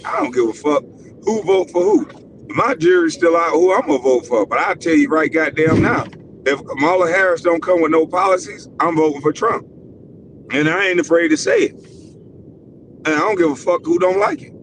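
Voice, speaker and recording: A man with a high voice talks bluntly and loudly among friends, swearing freely. There is clear noise in the background behind him. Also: big pitch swings, moderate pace. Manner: loud, blunt, profane ranting. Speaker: podcast co-host. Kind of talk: heated casual talk.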